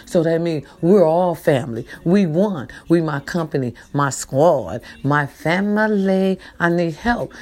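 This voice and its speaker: A middle-aged woman vlogging in a casual, half-whispered voice, repeating herself and pleading with her viewers, calling them y'all. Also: fairly low pitch. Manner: half-whispering, soft-spoken. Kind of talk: casual morning vlog talk.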